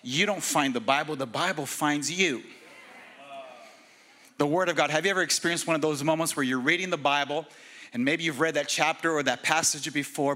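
A male pastor preaching an energetic, casual sermon with slang and humor at a church service. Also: on the high side.

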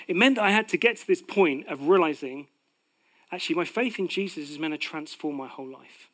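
Animated male preacher, high voice. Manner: animated, swings from loud proclaiming to hushed. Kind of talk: sermon.

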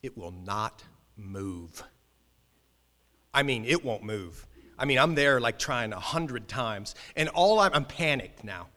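Animated male pastor in a reverberant hall. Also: medium pitch. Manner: animated, emphatic, quick restarts. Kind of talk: sermon with personal storytelling.

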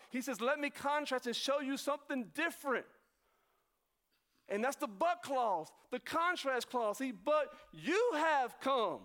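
High-voiced excitable preacher man. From North Carolina. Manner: fast-talking, excitable preaching with sudden slow emphasis. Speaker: pastor. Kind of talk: sermon.

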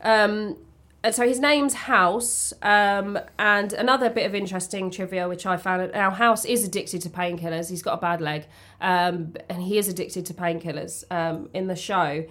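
A woman's voice: on the low side, steady tone, normal speed, a bit bright. A woman in a casual podcast chat, talking bluntly with many ums and restarts. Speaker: podcast co-host.

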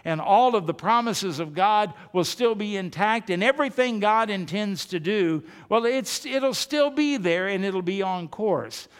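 A man's voice: high-pitched, lively intonation, a little slow, few pauses, clean tone. A man preaching a sermon as pastor, earnest and emphatic, repeating phrases to drive his point home. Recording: long reverb of a large hall.

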